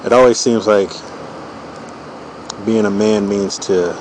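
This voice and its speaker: A man's voice: lowish voice, fairly even intonation, takes it slowly, background noise. A man in his forties riffing through a loose, profane comedic monologue while he draws cartoons, full of "you know" fillers. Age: 40s. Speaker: streamer drawing cartoons.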